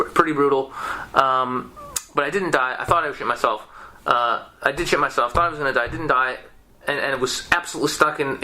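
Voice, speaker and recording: A young man on a podcast, casually telling a story with constant swearing and lots of restarts. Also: medium pitch. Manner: profane, animated, many restarts. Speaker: podcast guest.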